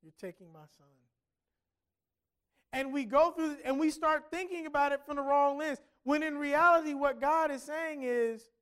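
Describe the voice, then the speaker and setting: Man, very high pitched voice, sermon, middle-aged, storytelling preacher, loud-soft swings. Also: steady tone, normal speed, few pauses. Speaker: pastor.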